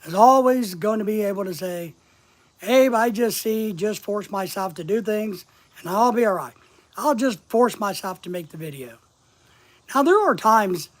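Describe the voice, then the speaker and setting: Male streamer, reads a book aloud and riffs on it, hits key words hard. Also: sits high. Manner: emphatic, stresses key words, reflective. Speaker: live-stream host. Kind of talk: reading a book aloud and commenting.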